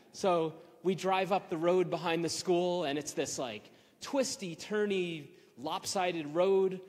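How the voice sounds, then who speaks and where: A man in his forties telling a personal story at a live story slam, emotional and repeating phrases for emphasis. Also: sits high. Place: synagogue hall at a live event. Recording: long hall reverb.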